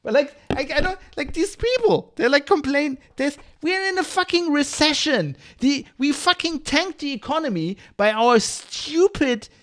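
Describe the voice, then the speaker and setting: A man's voice: very high voice, lively intonation, a little slow, few pauses, a bit bright. A man hosting a podcast livestream, ranting in a heated, profane, rambling way. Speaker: podcast host.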